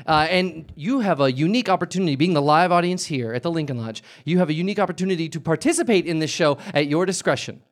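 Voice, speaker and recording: High-voiced, rambling talk-show host man. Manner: rambling, halting, with eager bursts. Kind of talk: comedic live talk-show hosting. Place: live stage before an audience.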